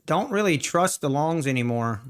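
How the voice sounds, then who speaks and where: A man hosting a live day-trading stream, talking casually and haltingly, often restarting and clearing his throat. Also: on the high side, lively intonation. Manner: slow, halting, many restarts, answers chat. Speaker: livestream day-trading host. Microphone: desk mic.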